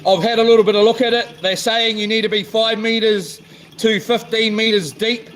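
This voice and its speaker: A man's voice: high-pitched, fairly even intonation, normal speed, fairly bright tone, a little hiss or hum. A middle-aged man with a New Zealand accent, vlogging casually, frustrated, stumbling and repeating himself as he talks. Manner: frustrated, repetitive, stumbling restarts. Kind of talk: casual vlog rant.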